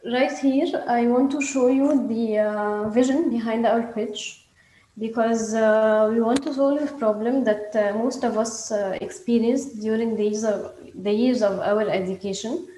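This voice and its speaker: A woman giving a startup pitch presentation, hesitant, with many fillers and restarts. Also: fairly even intonation, unhurried, warm tone, roomy sound, slight background noise, low-quality recording.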